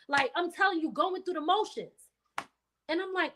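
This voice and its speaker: Middle-aged woman, high voice, chatty host, folksy asides. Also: very animated, moderate pace, sharp tone. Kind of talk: casual chat.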